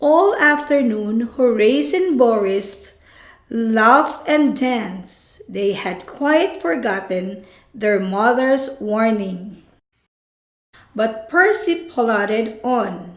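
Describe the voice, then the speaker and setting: A woman reading a children's story aloud in an expressive, sing-song way. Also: on the high side, very slow. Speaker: storybook reader. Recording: echoey room.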